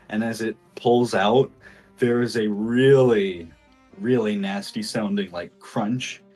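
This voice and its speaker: A man's voice: fairly low pitch, a little mellow. A man narrating a tabletop role-playing game as game master, hesitant and full of fillers.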